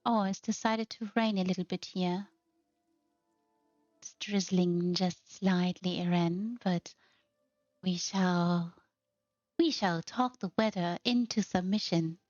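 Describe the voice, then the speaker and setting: A woman's voice: on the low side, slow, long pauses, darkish tone, no room sound, lo-fi sound, soft background music. A woman hosting a narrated house tour, gushing with effusive praise. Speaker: host.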